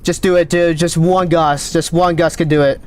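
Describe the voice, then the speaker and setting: A man streaming a game live, calling out readings with excited running commentary, his voice cracking. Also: a little high, clean tone. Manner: excited, calls out numbers rapidly. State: voice cracking, thirsty. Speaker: gaming streamer.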